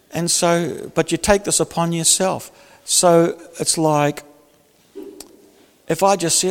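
Gravelly male pastor in a hall. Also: fairly high pitch, slow pace. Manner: conversational preaching with jokes and acted-out quotes. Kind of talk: sermon.

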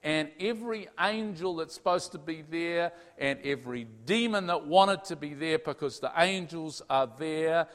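Man, preacher, lively sermon, fairly high voice, long hall reverb. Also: normal speed, few pauses. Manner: animated, tags sentences with "okay?". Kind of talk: conversational sermon.

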